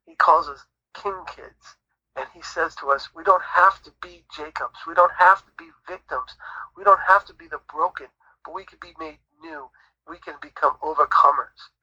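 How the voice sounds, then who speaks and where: A man's voice: fairly high pitch, normal speed, pushed and bright, breathy edge, dry recording. A man giving his faith testimony as an interview guest, in an earnest, preacherly storytelling manner, on muffled audio. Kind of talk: conversational Christian testimony.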